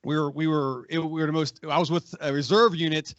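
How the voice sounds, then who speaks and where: A man in his forties, a magazine editor, telling a profane, animated war story on a podcast and acting out what others said. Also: on the high side, fairly quick, dry recording, dull audio. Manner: profane, animated, acts out quoted voices. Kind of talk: casual storytelling, war anecdote.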